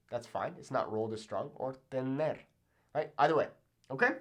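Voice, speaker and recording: A young man teaching Spanish pronunciation in a casual video lesson, with a Mexican Spanish accent in his Spanish words and an animated manner, checking in with frequent "okay?". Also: mid-range voice, a little fast.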